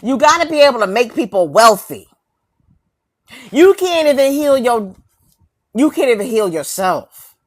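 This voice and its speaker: A woman's voice: fairly high pitch, very animated, a little slow, pauses often. A woman delivering a confrontational, preachy rant to camera, mocking her targets and firing off rhetorical questions and repeated lines.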